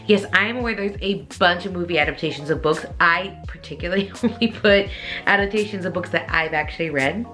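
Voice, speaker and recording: A woman book vlogger giving a casual, opinionated review, chatty and expressive with sudden jumps upward in pitch. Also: brisk, soft background music.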